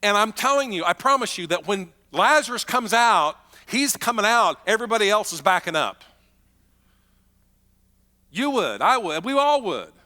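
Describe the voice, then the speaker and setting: High bright-voiced male preacher. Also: very animated, moderate pace, big-room sound. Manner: conversational storytelling with acted-out asides. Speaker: pastor. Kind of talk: sermon.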